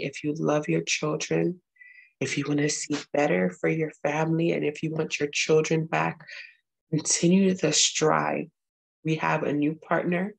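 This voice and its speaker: A woman's voice: low-pitched, gravelly, rough recording. A woman hosting her own show and speaking live to viewers in an earnest, urging way that often repeats itself. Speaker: show host. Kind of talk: live-stream address to viewers.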